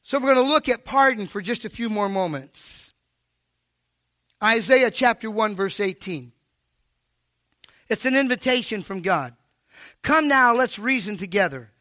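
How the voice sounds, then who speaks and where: An older man preaching a sermon at a live church service, animated and preachy, with joking asides. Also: sits high, unhurried, pauses often, dry recording, clean studio sound. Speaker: pastor.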